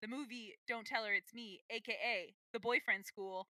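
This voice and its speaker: A woman's voice: a little high, steady tone, normal speed, bright, forceful tone, dry recording. A woman co-hosting a podcast, chatting casually with enthusiastic, rambling asides. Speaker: podcast co-host. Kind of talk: casual chat.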